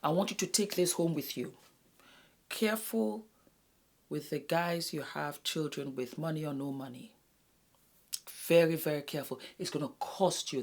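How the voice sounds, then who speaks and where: A low-pitched woman from West Africa hosts her own commentary video. She talks earnestly to her viewers as "my darlings" and often drops into a hushed whisper to press a point home. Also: breathy edge. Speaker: YouTube host. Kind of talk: casual commentary to camera.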